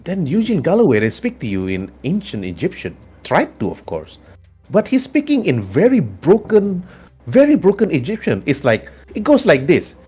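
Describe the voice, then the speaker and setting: A young man with a husky voice narrating a tabletop game as game master, in an animated, storytelling manner. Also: on the high side, moderate pace, faint music behind. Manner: animated storytelling with frequent restarts.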